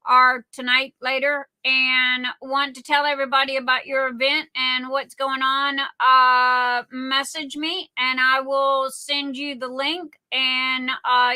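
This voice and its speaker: On her livestream, a Southern woman with a high, clear, resonant voice talks slowly and brightly, her pitch barely moving. Her casual chat rambles, and she keeps calling her viewers darling. The sound is close and dry, free of room or echo.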